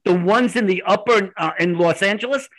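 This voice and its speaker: A man being interviewed on a podcast, telling his stories animatedly in quick bursts with restarts. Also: high voice, fairly bright tone, rough recording. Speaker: podcast guest. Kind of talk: conversational interview storytelling.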